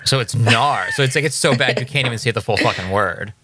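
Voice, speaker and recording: A man co-hosting a casual chat, asking probing questions in a dry, deadpan way. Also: mid-range voice, fast talker, a little hiss or hum.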